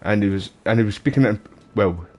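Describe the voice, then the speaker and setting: Scottish male streamer, casual and foul-mouthed, fairly low voice, talks gameplay with chat. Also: fairly quick, a little mellow. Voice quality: laid-back, swears casually, calls viewers mate and bro. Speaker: gaming live streamer.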